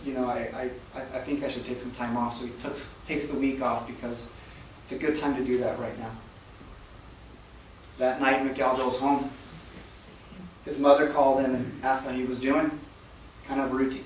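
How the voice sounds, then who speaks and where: Echoey preacher man telling a story. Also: mid-range voice. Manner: soft-spoken, halting with fillers and repeats. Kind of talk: sermon storytelling. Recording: very echoey hall, mic far off, faint noise.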